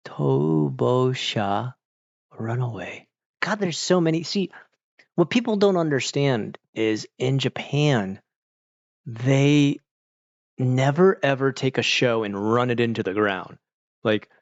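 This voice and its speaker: A man's voice: mid-range voice, creaky, no echo, lo-fi sound. A man streaming and chatting casually with viewers, rambling, saying "like" a lot and laughing often. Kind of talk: casual chat.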